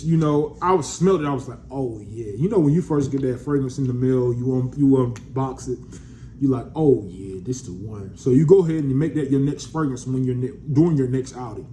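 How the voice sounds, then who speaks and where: A man's voice: mid-range voice, a little mellow, a little hiss or hum. A man in a casual vlog reviewing a fragrance, laid-back and slangy, calling his viewers family.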